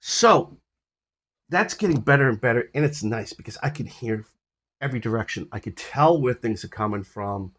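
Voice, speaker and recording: An older man with a husky voice casually rambling about his health on a phone recording, full of fillers and restarts. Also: medium pitch, lively intonation, normal speed, a bit bright. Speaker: vlogger sharing his health journey. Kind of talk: casual personal update to camera.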